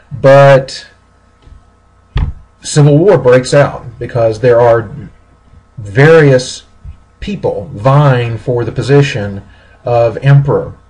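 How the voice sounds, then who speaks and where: A man giving a recorded history lecture, explaining steadily with pauses and small self-corrections. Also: medium pitch, darkish tone, husky, low-quality recording.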